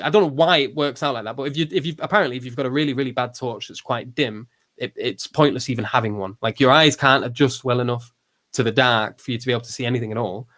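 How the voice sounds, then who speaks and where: A man's voice: mid-range voice, a bit bright. A man hosting a podcast, explaining philosophy in a loose, thinking-aloud way with many restarts and fillers. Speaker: podcast host. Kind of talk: casual philosophical discussion.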